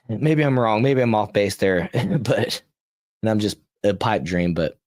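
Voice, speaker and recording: A man's voice: fairly low pitch, a little mellow, no echo, clean studio sound. An American man hosting a political livestream podcast, talking bluntly and rambling, reading posts aloud with offhand asides. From United States. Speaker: podcast host. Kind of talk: casual political commentary livestream.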